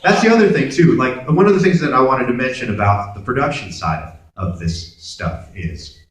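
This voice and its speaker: At a convention Q&A, a guest from Brooklyn, New York spins stories in a medium-pitched voice at a normal pace, animatedly performing the dialogue in voices. A camera in the crowd captures him from far off, and the large hall echoes strongly.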